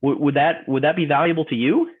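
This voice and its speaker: A man with a slightly high, fast voice and a breathy edge plays an emotional office worker in a training role-play. Sounding grateful, he stammers, repeats himself, and apologizes again and again. The line is tinny and phone-like.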